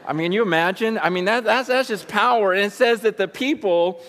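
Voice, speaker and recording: A man's voice: high-pitched, a little fast, a bit bright, a little hiss or hum. Emphatic preacher, man, echoey hall. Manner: emphatic, rhetorical questions to the congregation. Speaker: pastor. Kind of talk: sermon.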